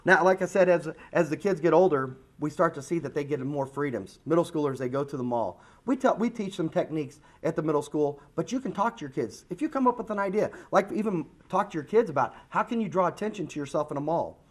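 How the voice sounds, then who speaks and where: A man in his forties with an American accent, giving a lively community safety talk to parents and acting out what kids say. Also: fairly high pitch, quick pace, few pauses. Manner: animated, acts out kids' lines. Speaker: school safety presenter. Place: school meeting room.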